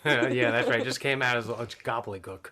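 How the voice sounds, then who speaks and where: Male regular co-host, bright tense voice, quick to joke. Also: mid-range voice, fairly even intonation. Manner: joking, laughing often. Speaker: podcast co-host. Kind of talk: casual podcast chat.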